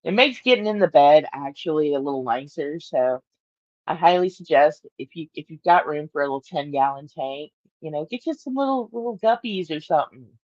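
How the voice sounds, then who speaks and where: A woman's voice: deep voice, animated, brisk, a little mellow, dry recording, dull audio. A woman hosting a casual morning livestream from her bedroom, rambling, laughing often and talking to her cat. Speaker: livestream host.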